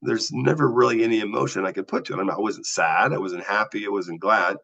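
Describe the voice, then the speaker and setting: Gravelly low-voiced man telling his story. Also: quick pace. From US Southwest. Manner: animated storyteller acting out dialogue. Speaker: guest. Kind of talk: personal storytelling. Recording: slightly dull lo-fi audio.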